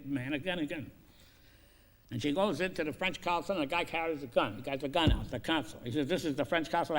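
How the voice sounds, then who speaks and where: A man pitches a film story, acting out the characters' lines and swinging between loud and hushed delivery.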